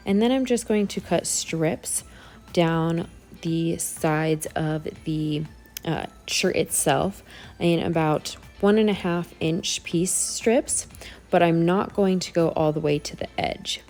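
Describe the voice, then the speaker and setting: Woman crafter narrating her tutorial, slow and easygoing, mellow low voice. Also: soft background music. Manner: easygoing, step-by-step explaining. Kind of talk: relaxed craft tutorial voice-over.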